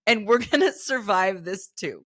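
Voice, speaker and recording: A woman's voice: mid-range voice, animated, a little slow, fairly bright tone, dry recording, studio quality. A middle-aged woman co-hosting a podcast, chatting casually, emphatic and swearing freely. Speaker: podcast co-host.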